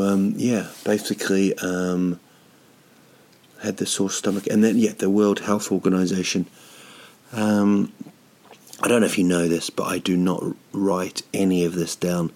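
A man's voice: deep voice, steady tone, a little slow, creaky, darkish tone. A man hosting a comedy podcast, rambling through a self-deprecating monologue with lots of fillers and restarts.

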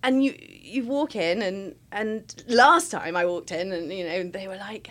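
Woman, thirties, podcast guest, lively anecdotal chat, mid pitch. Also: a little slow. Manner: animated storytelling with laughs and acted-out quotes. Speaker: podcast guest, writer and performer.

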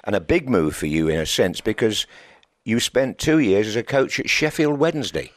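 An older man from England, a football commentator interviewing a guest in a measured, prompting way. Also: fairly low pitch, animated, dry recording, clean studio sound. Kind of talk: conversational interview.

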